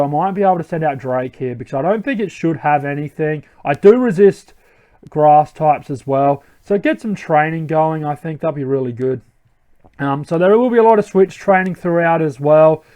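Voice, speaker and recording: A man's voice: a little high, warm tone. A man hosting a let's play, giving casual gameplay commentary and thinking aloud with rambling self-corrections.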